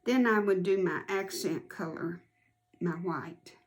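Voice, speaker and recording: A woman giving an unhurried, homey step-by-step sewing tutorial as a quilting instructor. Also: fairly low pitch.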